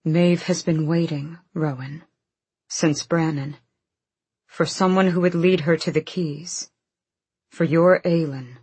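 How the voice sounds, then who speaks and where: A woman's voice: low voice, fairly even intonation, slow pace, long pauses, a little mellow, breathy edge, dry recording, full character voice. A woman doing a grave fae warrior man.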